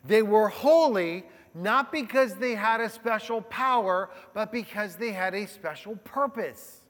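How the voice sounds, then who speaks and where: A male pastor giving a sermon in a conversational, animated way, often checking in with the congregation. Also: high voice, unhurried. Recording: long hall reverb.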